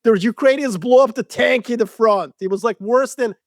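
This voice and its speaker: A man co-hosting a podcast, debating world affairs in an animated, profane, casual way. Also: very high-pitched, normal speed, no echo, studio quality. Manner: animated, profane, acts out quoted voices. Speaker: podcast co-host.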